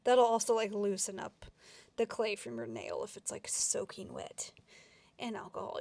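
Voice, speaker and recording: A woman's voice: fairly high pitch, fairly even intonation, normal speed, vocal fry, a little mellow, dry recording. A young woman chatting casually through a nail tutorial, giggly and rambling with lots of fillers. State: a bit out of breath.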